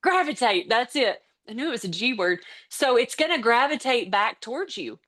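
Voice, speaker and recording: A woman giving an energetic motivational training talk to her team, excitable and chatty, sometimes out of breath from excitement. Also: on the high side, normal speed. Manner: chatty, with casual slips and restarts. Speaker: team trainer on a business call.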